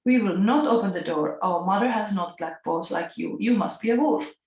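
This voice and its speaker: Wary little goat kids from a fairy tale, read out by a woman with a Finnish accent carrying an Italian lilt. Her voice is mid-pitched and echoes in the room. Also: normal speed, a little mellow, close to an everyday voice. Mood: defiant. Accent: Finnish with Italian tinge. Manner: read aloud plainly from a storybook.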